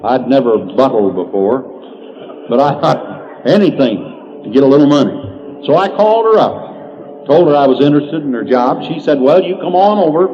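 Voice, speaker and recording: Older folksy man spinning yarns. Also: mid-range voice. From Indiana, USA. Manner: drawling, chuckles at his own punchlines. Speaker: country humorist. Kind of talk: folksy comedic storytelling. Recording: dull lo-fi 1990s tape with faint hiss.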